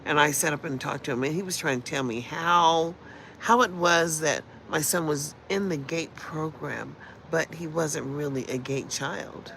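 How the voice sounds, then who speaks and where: Gravelly, blunt woman in her sixties. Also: low voice, a little slow, fairly bright tone, slight background noise, low-quality recording. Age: 60s. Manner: blunt, profane, rambling. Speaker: livestream host. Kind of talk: casual livestream rant. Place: in Las Vegas.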